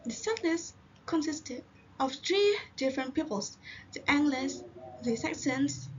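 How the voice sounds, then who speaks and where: Presenter, woman from Indonesia, high voice, muffled recording with faint hiss, halting reading. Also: expressive. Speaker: linguist presenter. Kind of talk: classroom presentation.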